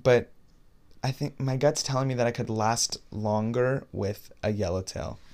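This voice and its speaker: A man's voice: medium pitch, measured pace. A man from Israel co-hosting a podcast, chatting casually with lots of "like" and "you know". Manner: relaxed, chatty, many fillers like "like" and "you know". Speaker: podcast co-host.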